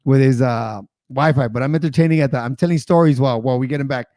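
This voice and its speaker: A man's voice: medium pitch, fast, a little mellow, dry recording, studio quality. A man hosting a casual live show, telling stories in a chatty, rambling way. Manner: chatty storyteller, laughs often; rambling with filler asides. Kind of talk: casual livestream chat.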